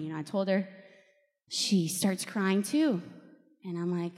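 A woman's voice: fairly low pitch, steady tone, unhurried, pauses often, a little mellow. A woman gives a candid, emotional faith talk to a gathered group. She laughs often and lifts her voice when she quotes people. Her voice rings with a long reverb from a large hall. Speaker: speaker at a faith event.

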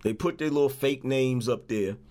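A man's voice: medium pitch, normal speed, dark tone. A man hosting a livestream, ranting at viewers in a profane, repetitive, confrontational way. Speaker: livestream host. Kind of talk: angry livestream rant.

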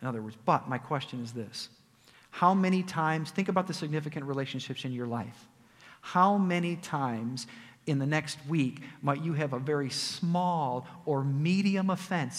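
Emphatic man preaching in a reverberant hall. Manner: swings between loud emphatic peaks and quiet low asides. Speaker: pastor. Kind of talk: sermon.

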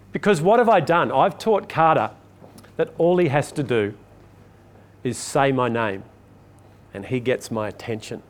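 Older male speaking coach, somewhat high voice, chatty storyteller addressing a crowd. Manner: chatty, storytelling, asks the audience questions. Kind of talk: motivational talk to a live audience.

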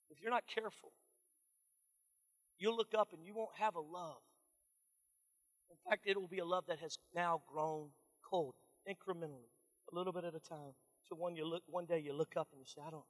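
A man's voice: fairly high pitch, a bit bright. A man preaching a sermon in earnest, warning tones, addressing the congregation as friends. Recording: long reverb of a large hall.

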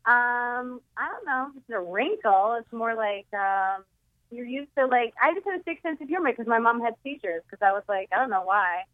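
A wisecracking woman calls in over a tinny phone line. Her voice sits a little high, and she laughs at her own jokes. The sound is dry, with no room echo. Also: expressive, moderate pace. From Boston area, Massachusetts. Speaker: comedian guest. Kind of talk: casual comedy chat.

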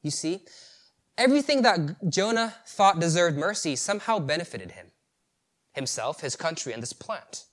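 Lively preaching man, rising and falling. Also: on the high side, moderate pace. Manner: animated, rhetorical questions, chuckles at the story. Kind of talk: sermon.

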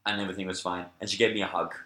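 A man from London with a London accent telling a story in an animated, chatty way, often adding "like" and "right?". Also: low voice, very fast. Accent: London English. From London, England. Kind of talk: casual anecdotal storytelling. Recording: roomy echo.

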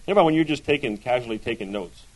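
A man teaching a Bible class to a group. He talks in a loose, conversational way, asks his listeners questions and keeps checking in with a quick "right?". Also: mid-range voice, lively intonation, low-quality recording.

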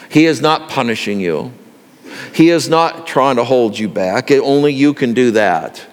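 Earnest preacher in a reverberant hall. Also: male voice, mid-range voice. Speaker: pastor. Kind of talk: sermon.

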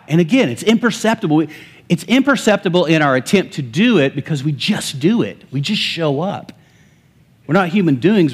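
A joyful male pastor preaching a sermon from a church stage, his fairly high voice animated and emphatic. He laughs easily as he speaks, driving each point home with enthusiasm. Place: church sanctuary.

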